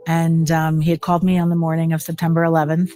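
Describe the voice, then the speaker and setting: A woman speaking in a documentary interview, halting and searching for words as she gives personal testimony. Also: deep voice, monotone, warm tone, soft background music. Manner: halting, with many fillers and restarts. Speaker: interviewee, widow of a victim.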